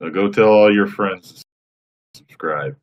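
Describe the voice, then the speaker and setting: A man with a very low voice talks loosely to his live-stream chat. He answers viewers by name and breaks into laughter now and then, recorded on a simple webcam mic. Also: a little slow, dull audio.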